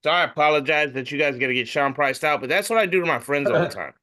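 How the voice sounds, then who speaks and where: A man's voice: on the high side, fast, bright, forceful tone. A man co-hosting a casual comedy podcast, reading memes aloud and joking, swearing freely.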